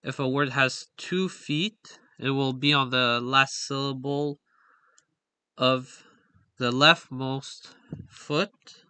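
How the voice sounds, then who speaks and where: Slow, bright-voiced young man explaining slides. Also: medium pitch, steady tone, clean tone, no room sound. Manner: hesitant, frequent "uh" fillers and self-corrections. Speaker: linguistics explainer. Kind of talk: slide lecture voice-over.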